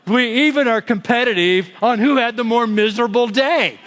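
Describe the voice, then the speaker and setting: Speaking in a large hotel ballroom with long hall reverb, a man with an extremely high, fairly bright voice gives a keynote on sales at a normal speed. He tells stories, voices quoted characters, and poses questions to the audience.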